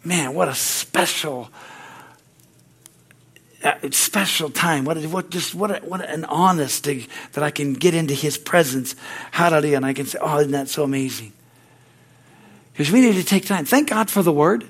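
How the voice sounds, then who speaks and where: A man's voice: normal speed, long pauses, breathy edge. A middle-aged man preaching a sermon in church, fervent, with repeated words and frequent amens. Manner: stories grow loud and high-pitched. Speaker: pastor.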